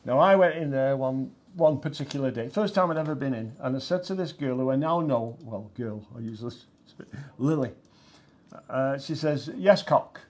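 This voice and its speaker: A man's voice: mid-range voice, moderate pace, darkish tone. An older man, co-hosting a chat show and laughing through his anecdotes. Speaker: co-host. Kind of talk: casual chat. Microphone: live show mic.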